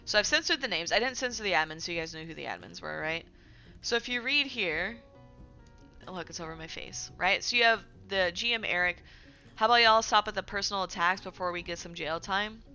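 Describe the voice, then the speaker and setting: A woman streaming, talking in a bright, forward voice that rambles with constant fillers and quick self-corrections. She sounds casual and chatty. Faint music plays softly behind her. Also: medium pitch, clean tone, highs cut off. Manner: animated and indignant when recounting drama. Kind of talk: casual livestream chat about community news.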